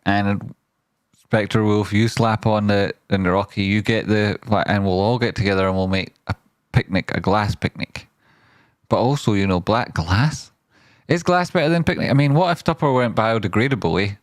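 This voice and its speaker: A man hosting a live trading stream, riffing playfully in rambling chat and often jumping into a high silly voice. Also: moderate pace, dry recording. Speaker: trading livestream host.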